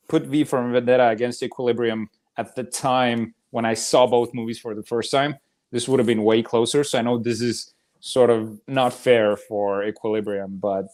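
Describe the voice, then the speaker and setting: A man from the United States co-hosting a movie debate show, speaking in an animated, casual way, swearing freely and laughing often. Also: medium pitch.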